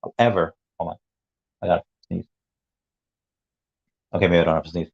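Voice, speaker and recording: A man's voice: low voice, steady tone, brisk, creaky, a little mellow. A man on a casual livestream, rambling through a long story with many restarts and asides to chat. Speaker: streamer. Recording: dull lo-fi sound.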